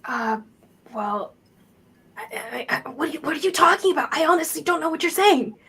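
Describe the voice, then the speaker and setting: A woman voicing a secretive, jumpy young hooded boy who yell-whispers defensively. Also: high voice, expressive, normal speed, voice pushed up. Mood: wary.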